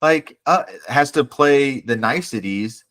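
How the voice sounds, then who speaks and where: A man co-hosting a podcast in casual chat, animated, acting out characters' lines. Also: mid-range voice, slow. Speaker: podcast co-host.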